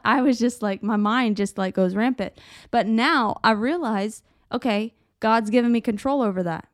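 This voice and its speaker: A woman's voice: on the high side, normal speed, no echo, clean studio sound. A young woman hosting a casual faith podcast. She rambles a little, repeats her words, and fills her talk with "like" and "you know.". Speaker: podcast host.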